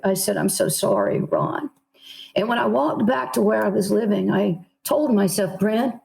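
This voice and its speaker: A woman's voice: medium pitch, creaky, mellow, low-quality recording. A middle-aged woman with a Southern American accent, an author guest telling a story earnestly in an interview and voicing quotes of the people in it.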